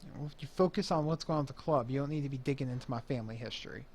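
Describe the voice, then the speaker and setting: A man's voice: medium pitch, rapid-fire, slight background noise, lightly acted. A man voicing a touchy, blustery nightclub owner who gets defensive when his family comes up.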